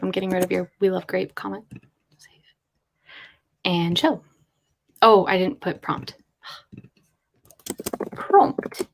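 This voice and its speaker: A woman chats on a live stream while she writes. She talks through her ideas aloud in a loose, rambling way and tosses in quick asides. Her pitch sits in the middle. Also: creaky. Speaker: writer livestreaming with chat. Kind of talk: casual live-stream chat.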